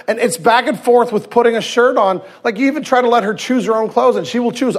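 Pastor guy preaching, kinda high voice, gets loud then goes real quiet and soft. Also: a little fast, few pauses. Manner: animated, shifts between loud emphasis and hushed tenderness; acts out quoted voices and anecdotes. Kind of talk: sermon.

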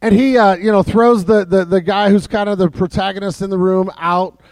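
A man preaching a sermon as pastor, in a conversational way with many fillers and restarts, dropping soft and low for emphasis. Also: steady tone, moderate pace, dry recording.

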